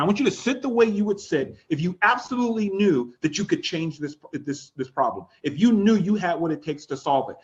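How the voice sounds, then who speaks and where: Guy with a high voice coaching you thru exercises, lots of pep, kinda muffled lo-fi sound. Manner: energetic, coaxing, repeats instructions, laughs often. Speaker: life coach. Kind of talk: live-streamed coaching class.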